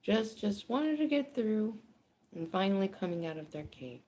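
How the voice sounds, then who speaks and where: A woman giving a casual tarot reading, chatty and animated, with frequent laughter and swearing. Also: medium pitch, moderate pace. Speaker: tarot reader. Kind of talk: casual spoken card reading.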